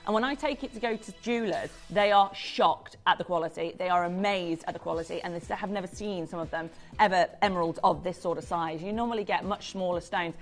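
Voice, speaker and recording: A woman's voice: medium pitch, fast talker, hardly any pauses, faint music behind. A woman presenting on a live shopping channel, selling jewellery with gushing, effusive patter.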